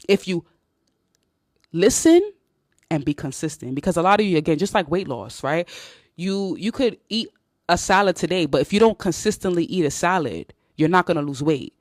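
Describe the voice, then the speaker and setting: A woman's voice: low-pitched, normal speed, darkish tone, no echo, clean studio sound. A woman from Nigeria, an online business coach, giving a blunt, casual pep talk. She swears and repeats lines for emphasis.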